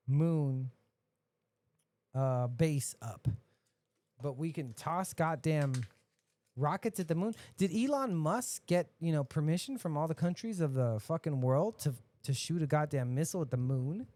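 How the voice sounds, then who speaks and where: A podcast host, a man, ranting casually and profanely, dropping to mutters and then bursting out loud. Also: a little high, no echo. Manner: profane, ranting, swings between mutters and outbursts.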